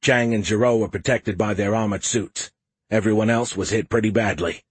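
Husky low-voiced male audiobook narrator. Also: steady tone, normal speed. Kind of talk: first-person audiobook narration.

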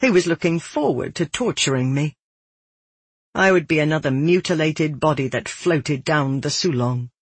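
An audiobook narrator reading a first-person fantasy story in a steady, earnest way. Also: mid-range voice, moderate pace, slightly rough, no room sound.

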